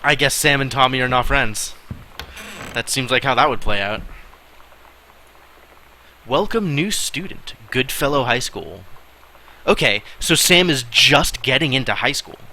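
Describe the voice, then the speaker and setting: A man streaming a narrative game, talking through it in relaxed, wry asides and often dropping into quiet mutters. His voice is bright and crisp, at a middle pitch, with a faint hiss behind it. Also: normal speed. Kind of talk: casual gameplay commentary.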